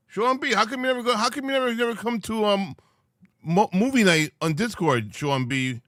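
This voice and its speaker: A sleepy man hosts a livestream, teasing viewers in loose, casual chatter. His voice is fairly high and bright with a sharp edge. It sounds close and dry. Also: normal speed, no room sound. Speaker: livestream host.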